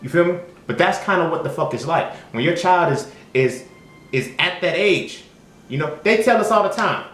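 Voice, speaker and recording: A man with a slightly high, expressive, fairly bright voice delivers a casual, profane opinion monologue as a vlogger at normal speed. He's emphatic and conversational, repeatedly asking "you feel me?", and the recording is echoey with a little hiss or hum.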